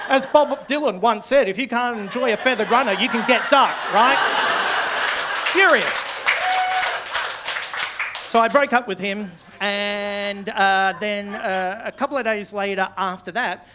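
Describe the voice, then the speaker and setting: A man's voice: high voice, measured pace, a crowd in the background, background noise. A middle-aged man doing a rambling stand-up routine in a small comedy club, laughing at his own jokes. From Australia. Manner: rambling, self-interrupting, laughs mid-line.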